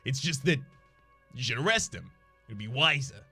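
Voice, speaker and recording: A man's voice: mid-range voice, very animated, normal speed, pushed and bright, breathy edge, faint music behind, full character voice. A man voicing a scheming talking necktie that eggs the hero on. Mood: sly. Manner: sly, egging on.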